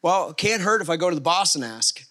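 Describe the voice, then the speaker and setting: Middle-aged male speaker, storytelling sermon, somewhat high pitch, lively quoted lines. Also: quick pace. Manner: storytelling, animated asides and acted quotes. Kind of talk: sermon-style personal story.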